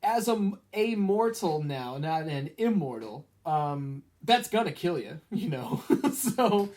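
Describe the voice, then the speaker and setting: A man co-hosting a casual movie review podcast, telling stories with animated energy and laughing often. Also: fairly high pitch, slow pace. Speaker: podcast co-host.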